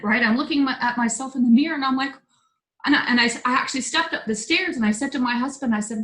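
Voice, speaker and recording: Tearful woman, soft and heartfelt. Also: sits high. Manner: soft, heartfelt, halting with restarts. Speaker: host of a women's healing circle. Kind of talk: emotional sharing in an online circle. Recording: roomy echoey sound.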